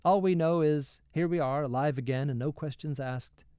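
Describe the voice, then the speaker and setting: A man's voice: fairly high pitch, normal speed, mellow, smooth, no room sound, clean studio sound, close to an everyday voice. A man reading aloud, voicing a tart, spry old grandmother who brushes off questions. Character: tart old grandmother come back to life.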